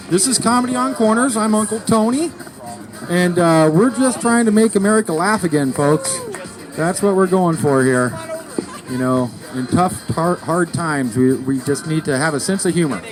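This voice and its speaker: Under a tree in a city park, a man hosts an outdoor comedy show, rambling and joking as he introduces the comedians and stumbling over their names. His voice is high-pitched at a normal speed, with music playing over it.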